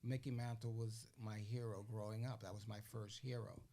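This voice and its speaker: An older man, a guest on a podcast, telling stories in a casual, animated way. He acts out the voices of the people he quotes and keeps asking "you know what I'm saying?". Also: lowish voice, moderate pace, gravelly, slight background noise. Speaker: interview guest. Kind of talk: casual storytelling.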